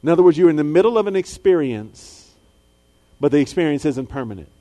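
A man preaching a sermon, dropping low and soft, then rising high and loud, and acting out the voices of people in his stories. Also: animated, fairly quick. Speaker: pastor.

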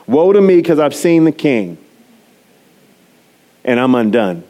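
A man preaching a sermon, animated and chatty, often laughing and poking fun at himself as he talks to the congregation. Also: mid-range voice, takes it slowly, pauses often. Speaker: pastor.

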